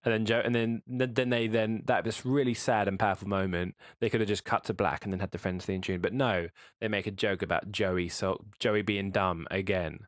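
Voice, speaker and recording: A man with a fairly low voice talking casually on a podcast, often stopping and restarting his sentences. The recording is dry and close. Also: steady tone, no room sound. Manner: halting, many restarts. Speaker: podcast co-host. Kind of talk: casual chat.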